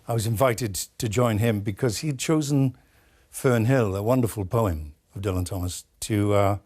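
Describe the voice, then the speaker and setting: A Welsh-born man speaking as a studio guest in a broadcast interview, telling a story with many pauses and fillers. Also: lowish voice, a little mellow. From Wales.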